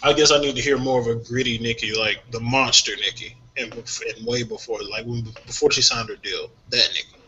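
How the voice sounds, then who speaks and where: Opinionated man with a bright voice. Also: medium pitch, fairly quick, few pauses, slight background noise. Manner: opinionated, animated, laughs often. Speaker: podcast co-host. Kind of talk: casual music talk. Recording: dull lo-fi sound.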